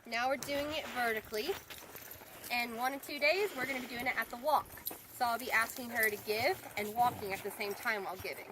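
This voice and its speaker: A woman's voice: a little high, fairly quick. A woman horse trainer giving chatty instructional commentary while riding, repeating key words for emphasis. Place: outdoors with a horse. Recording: noisy outdoor audio with hoofbeats.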